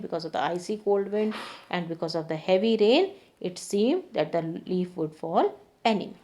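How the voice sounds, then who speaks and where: A woman's voice: mid-range voice, mellow. A woman reading a story aloud and re-explaining each sentence in simpler words, as a teacher.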